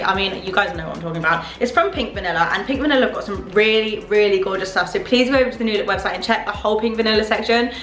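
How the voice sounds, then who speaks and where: A British woman of about twenty, gushing and excitable, chatting through a casual try-on haul vlog. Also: mid-range voice, reverberant. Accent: British English. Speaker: fashion vlogger. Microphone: camera mic.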